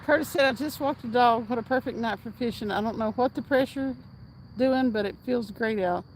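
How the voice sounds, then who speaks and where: Outdoors at night, a woman hosts a casual fishing livestream, chatting, reading viewer comments aloud and laughing often. Her voice is fairly high and a little fast, and the poor audio carries some hiss or hum.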